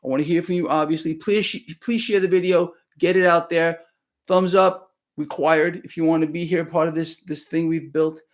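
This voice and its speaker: A man's voice: a little high, fairly even intonation, moderate pace. A man hosting a live stream, talking emphatically and preachily and often checking in with "okay?". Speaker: livestream host. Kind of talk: casual live-stream talk.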